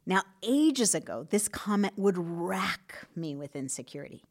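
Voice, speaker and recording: A woman hosting a podcast, giving scripted relationship advice in an earnest, expressive way with soft asides. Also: fairly low pitch, a little slow, hardly any pauses. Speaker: podcast host.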